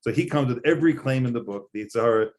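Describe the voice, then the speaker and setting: A man's voice: mid-range voice, rapid-fire, a little mellow. A man, a rabbi, giving a conversational Torah lecture, explaining earnestly with frequent fillers. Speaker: rabbi teaching a class.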